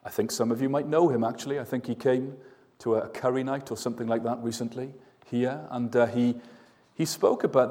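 A man preaching an evening sermon, slow and earnest, often asking his listeners questions. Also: mid-range voice, darkish tone. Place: church. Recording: long church reverb, voice at a distance.

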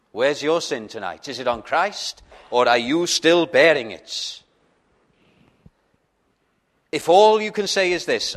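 A man's voice: a little high, fairly bright tone. A man preaching an evangelical sermon, pleading with his listeners in questions, stumbling on first words and building to fervent peaks. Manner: stammers on openings.

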